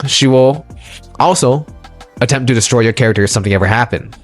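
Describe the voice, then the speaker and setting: A man giving a motivational audio lecture, emphatic and preachy, repeating his points for stress. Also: medium pitch. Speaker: lecturer on relationships.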